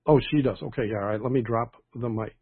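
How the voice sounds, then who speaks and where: Gravelly older pastor on a phone line. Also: male voice, medium pitch, fast talker, no room sound. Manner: rambling, chatty, with many fillers and restarts. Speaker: pastor leading an online prayer call. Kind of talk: casual reading and comment on praise reports. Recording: tinny phone-line audio, dry.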